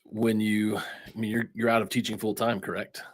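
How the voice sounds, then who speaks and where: A man hosting a casual interview, who speaks as a serial entrepreneur and backs his guest with quick, supportive affirmations. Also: lowish voice, level tone, breathy edge.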